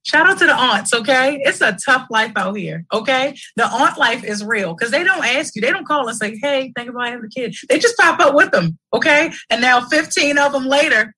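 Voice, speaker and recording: Woman, livestream host, bright husky voice, animated and emotional, prone to shouting. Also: sits high, normal speed, few pauses, poor audio. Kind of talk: casual livestream chat.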